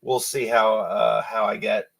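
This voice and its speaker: A man's voice: fairly low pitch, level tone, a little slow, vocal fry, fairly bright tone, breathy edge, poor audio. A young man talking casually in a vlog about his writing and animation work, rambling and repeating himself with many fillers. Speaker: amateur animator and writer.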